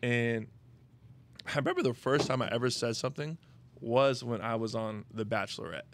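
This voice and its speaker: Young guy hosting a podcast, gravelly voice, rambles and swears a lot, keeps saying you know what i mean. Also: medium pitch, moderate pace, slight background noise. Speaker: podcast host. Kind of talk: casual chat, personal storytelling.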